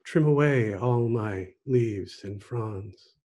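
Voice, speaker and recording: A man voicing a female bamboo tree in a parable, speaking softly and insistently. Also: fairly low pitch, slow. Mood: gentle.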